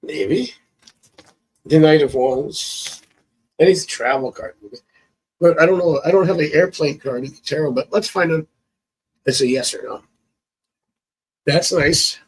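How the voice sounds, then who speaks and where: Slightly high-voiced male tarot reader on a casual phone live stream, chatty and prone to chuckles. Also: a little slow, long pauses, husky, rough recording. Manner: chatty, thinks aloud, chuckles often.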